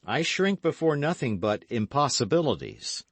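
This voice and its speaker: A man's voice: mid-range voice, very animated, normal speed, slightly rough, no echo, voice pushed up. A man reading an audiobook, voicing a passionate young swordsman who speaks in eager, impassioned exclamations. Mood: ardent, eager.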